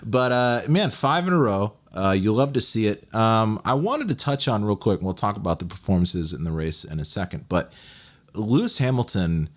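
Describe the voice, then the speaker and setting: A man's voice: lowish voice, very animated, moderate pace. A young man from Texas co-hosting a casual podcast, rambling and laughing with lots of fillers. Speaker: podcast co-host. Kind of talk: casual chat.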